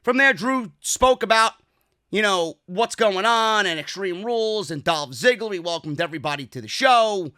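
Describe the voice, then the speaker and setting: A man's voice: high voice, animated, normal speed, bright, forceful tone, smooth, dry recording, studio quality. A man with a New York accent hosting a wrestling review podcast, talking in a sarcastic, profane, exasperated way. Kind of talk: casual review monologue.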